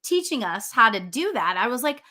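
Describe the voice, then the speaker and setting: Bright, high-voiced, animated woman host. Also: normal speed. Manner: enthusiastic, exclaims often. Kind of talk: casual interview chat.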